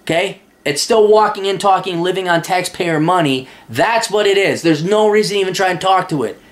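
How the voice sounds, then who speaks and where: A man's voice: high-pitched, a little fast. A man hosting a casual advice show, blunt and profane, reading a listener's letter and answering it. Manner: reads listener's letter aloud. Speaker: advice podcast host.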